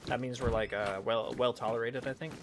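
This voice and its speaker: A man chats casually while streaming a game, rambling and poking fun at himself. He often drops into mumbled asides in a mid-range voice. Steady background noise sits behind him. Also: medium pitch, fairly quick. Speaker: streamer playing a role-play game. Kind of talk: casual gaming chat. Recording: noisy background.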